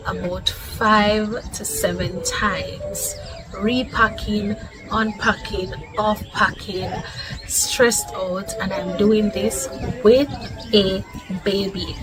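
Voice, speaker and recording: Slow, emphatic Jamaican woman storyteller. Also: medium pitch, steady tone, rough recording. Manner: emphatic, heartfelt retelling with lists and repetition. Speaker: vlogger, mother. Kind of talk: personal storytelling vlog. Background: background music.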